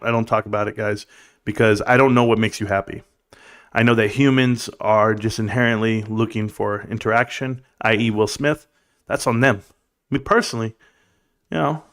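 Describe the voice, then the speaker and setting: A man's voice: mid-range voice, fairly bright tone. A young man hosting a casual livestream, joking crudely, laughing often and calling people bro. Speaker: livestream host.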